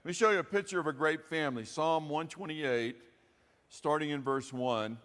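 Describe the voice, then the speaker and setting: A man's voice: a little high, normal speed, fairly bright tone, smooth. A man preaching a sermon as pastor, with a conversational, folksy manner and frequent asides. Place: church sanctuary. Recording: reverberant church hall.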